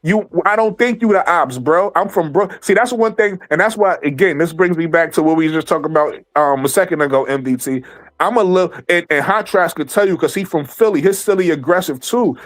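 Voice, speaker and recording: A man's voice: fairly high pitch, brisk. A man hosting a casual livestream chat, talking animatedly, repeating himself and swearing freely. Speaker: livestream host.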